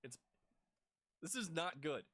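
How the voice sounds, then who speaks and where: A man's voice: on the high side, animated, takes it slowly, sharp tone, slight background noise. A man in exasperated reaction-video commentary, scornful and repeating himself in disbelief.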